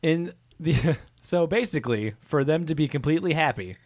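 A man's voice: a little high, lively intonation, moderate pace, darkish tone, no echo. A man co-hosting a casual hockey podcast, ranting with exasperation about fans. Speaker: podcast co-host.

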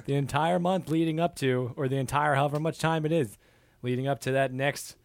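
A man's voice: mid-range voice, fairly even intonation, fairly quick, gravelly, dry recording. A man co-hosting a podcast who chimes in with teasing, wisecracking remarks in casual banter. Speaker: podcast co-host.

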